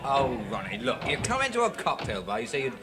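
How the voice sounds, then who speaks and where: A man's voice: mid-range voice, wildly swooping pitch, brisk, very noisy. A young English man in his twenties, acting an exasperated friend in a sitcom. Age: 20s. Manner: exasperated, plain-spoken. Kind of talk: sitcom acting before a live audience. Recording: live audience laughter.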